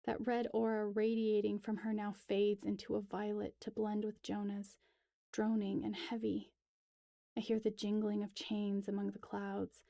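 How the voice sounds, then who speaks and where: A woman reads a first-person story aloud at a slow, measured pace. Her voice is warm and mellow, recorded dry and close. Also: medium pitch, no room sound. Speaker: reader.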